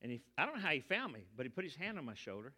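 An older man with a drawl tells his testimony to a congregation in a plain, folksy way. His voice is bright and forceful, and a long hall reverb trails behind each phrase. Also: fairly high pitch, big pitch swings, rapid-fire. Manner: folksy, colloquial storytelling. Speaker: preacher. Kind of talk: testimony sermon.

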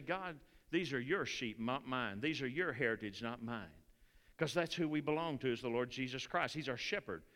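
A man preaching a sermon in a church, animated and folksy, repeating phrases. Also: a little high. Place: church sanctuary. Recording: church hall reverb.

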